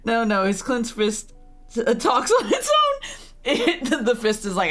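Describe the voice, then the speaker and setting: A woman's voice: on the high side, huge pitch swings, a little slow, a bit bright, faint music behind. A woman streaming a game, ranting in exasperation, laughing and swearing at the characters. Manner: frequent swearing. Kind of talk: casual live-stream commentary.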